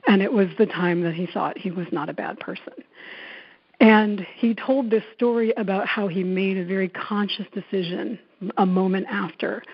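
A woman's voice: mid-range voice, creaky, husky. A woman who facilitates prison workshops, speaking earnestly with many fillers and restarts as she tells personal stories. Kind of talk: reflective talk with personal stories. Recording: dull lo-fi recording.

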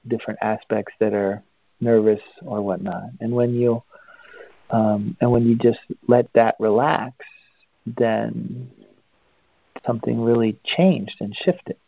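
Slow, gravelly man guiding breathing. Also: on the low side, dry recording, highs cut off. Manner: slow, calm, instructive with long pauses. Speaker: breathing teacher. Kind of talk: guided breathing exercise.

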